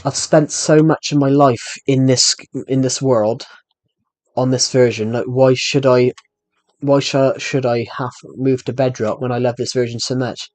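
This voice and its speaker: A man's voice: medium pitch, fairly even intonation, unhurried, darkish tone, no room sound. A young British man giving casual, rambling gameplay commentary as he answers live chat, self-deprecating and full of restarts. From Britain. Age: young adult. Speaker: gaming streamer. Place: room at home.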